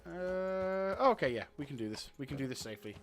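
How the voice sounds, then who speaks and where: A man casually commentating a video game playthrough, chatting to himself and his in-game horse with bursts of excitement. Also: fairly high pitch, fairly quick. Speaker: gaming YouTuber. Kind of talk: casual let's play commentary.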